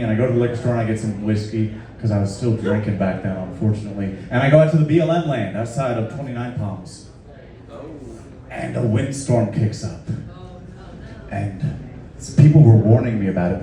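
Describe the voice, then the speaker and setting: A man's voice: mid-range voice, fairly quick, dark tone. A man telling a loose, profane, self-mocking story on stage between songs. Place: live venue with audience. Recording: echoey live room, far off, crowd. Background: crowd laughing.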